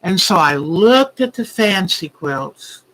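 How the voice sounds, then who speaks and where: Woman, quilting show host, heartfelt storytelling, slow and unhurried, bright voice. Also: on the low side, lively intonation, poor audio. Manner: heartfelt, earnest. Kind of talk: livestream storytelling.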